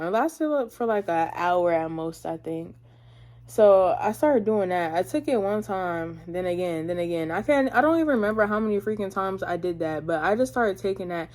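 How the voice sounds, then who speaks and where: A teenage woman tells her own story straight to her viewers. She rambles with many fillers and slips into casual slang, calling her audience y'all. Her voice sits at an ordinary middle pitch. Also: a little mellow. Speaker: vlogger. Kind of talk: storytime testimony.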